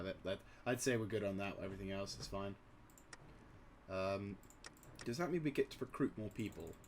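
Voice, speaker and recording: A man casually commenting on a strategy game, rambling and excitable, swearing freely and chuckling at his own jokes. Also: fairly low pitch, a little hiss or hum. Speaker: gaming channel host.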